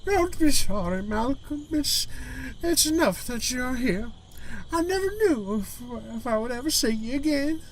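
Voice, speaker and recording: A man's voice: expressive, slight background noise. A man putting on a frail Scottish granny. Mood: tender. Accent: attempted Scottish. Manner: slow, tender, high put-on voice. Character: frail loving elderly grandmother. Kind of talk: voicing a character in a text game.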